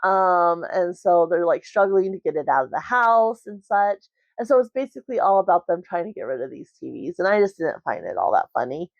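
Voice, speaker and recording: A woman's voice: lowish voice, big pitch swings, a little fast, vocal fry, no echo. A woman vlogger chatting casually about a book at home, rambling with lots of "like" and "um". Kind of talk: casual book review chat. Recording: dry, slightly muffled recording.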